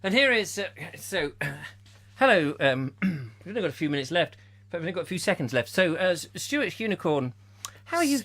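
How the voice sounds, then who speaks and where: A man's voice: a little high, big pitch swings, moderate pace, a bit bright. A man hosting a comic live chat show, rambling and silly in his banter. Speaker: host.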